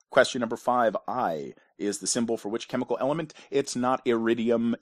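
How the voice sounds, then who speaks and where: A man's voice: mid-range voice, expressive, normal speed, few pauses, no room sound. A man hosting a trivia quiz, reading questions and answers in a casual way with wry asides. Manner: wry asides, dry jokes between questions. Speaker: pub quiz host.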